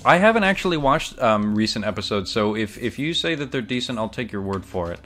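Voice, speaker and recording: Low-voiced man rambling through a game stream. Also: lively intonation, brisk, sharp tone. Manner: rambling, many fillers and restarts, banter with chat. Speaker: streamer playing a video game. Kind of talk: casual chat while gaming.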